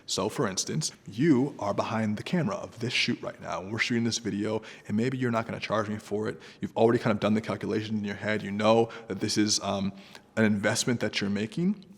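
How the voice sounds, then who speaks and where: Low-voiced man giving direct advice. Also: brisk, long reverb tail. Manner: direct, conversational, animated. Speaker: entrepreneur guest giving advice. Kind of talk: advice talk to camera.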